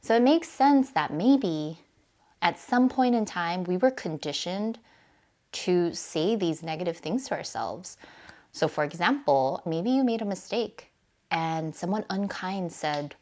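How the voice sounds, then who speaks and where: A woman with a lowish voice gives a casual advice vlog as a life coach. She speaks earnestly and encouragingly right to the viewer. Her talk is chatty, dotted with little "right?" tags. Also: lively intonation, unhurried, a little mellow.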